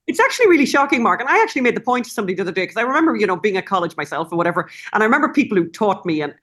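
Middle-aged woman guest, mid-pitched voice, animated and rambling, full of restarts. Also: very fast. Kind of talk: casual interview talk.

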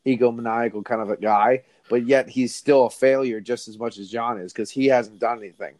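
A man's voice: medium pitch, fairly quick, no room sound. Blunt, chatty man on a podcast. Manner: blunt, animated, swears casually. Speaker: podcast co-host. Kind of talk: casual movie discussion.

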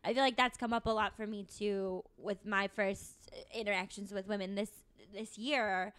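A woman's voice: medium pitch, steady tone, normal speed, fairly bright tone, clean tone. A young woman hosting a casual chat, asking engaged follow-up questions with playful short reactions.

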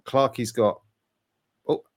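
A man hosting a casual gaming podcast, bantering playfully with his co-hosts. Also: slow. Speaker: podcast host.

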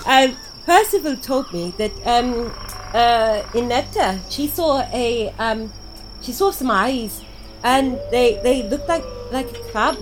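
A woman's voice: on the high side, takes it slowly, a little hiss or hum, poor audio. A woman voicing a caring mentor adventurer with a Liverpool accent, rambling and hesitant in a tabletop role-play. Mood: earnest.

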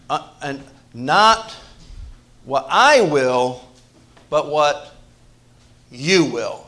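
A man preaching a sermon to his church, moving between loud emphasis and hushed asides, often repeating words and restarting phrases. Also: mid-range voice, extremely slow, long pauses. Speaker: pastor.

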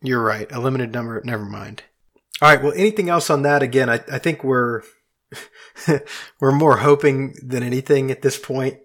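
A man's voice: mid-range voice, normal speed, a bit bright. Easygoing male podcast host. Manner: hedging, thinks aloud with restarts. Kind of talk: casual podcast chat.

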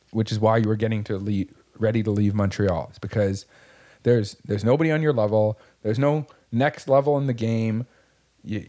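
A man's voice: on the low side, a little mellow. A man in casual chat, talking in a profane, impassioned, motivational way about growth through hard times. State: tearing up.

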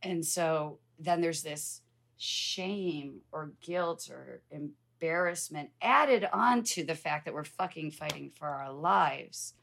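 A woman speaking as a podcast guest in a very low, gravelly voice. She talks candidly and bluntly, with animated emphasis. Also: slow pace. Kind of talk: casual podcast conversation.

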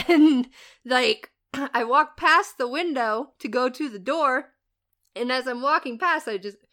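A woman's voice: high-pitched, takes it slowly, bright, forceful tone. A woman in her thirties telling stories in casual chat, swearing freely and laughing often.

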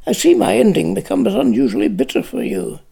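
A man's voice: sits high, animated, brisk, vocal fry, mellow, husky, exaggerated voice. A man reading a novel aloud and voicing a fussy, self-important, querulous male conjurer who is also an author. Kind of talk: audiobook character reading.

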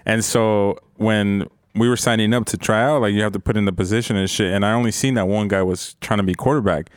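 A man's voice: fairly low pitch, fairly even intonation, fast talker, clean tone, dry recording, studio quality. A man in his twenties telling stories in casual chat, swearing a lot and laughing often. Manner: profane storytelling, laughs often, acts out quotes.

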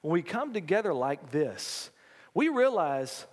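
A man pastor delivers a folksy, animated sermon and calls on his congregation to answer back. His voice sits slightly high. It carries with a long reverb, as in a big church sanctuary. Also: moderate pace. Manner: folksy, animated preaching with call-and-response.

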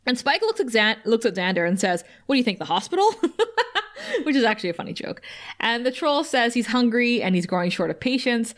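A woman co-hosting a chatty recap podcast, telling the story of an episode with animated energy. She laughs often and slips into quick put-on voices for the characters. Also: fairly high pitch. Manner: animated, laughs often, acts out quoted lines. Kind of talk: casual recap chat.

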